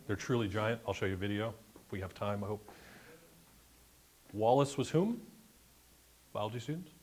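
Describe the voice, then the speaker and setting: A man with a lowish, darkish voice, lively intonation, and normal speed gives a chatty, joking slide-show talk about a birding trip. He's the guest presenter at a bird club meeting, addressing a live audience in a meeting room with jokey asides.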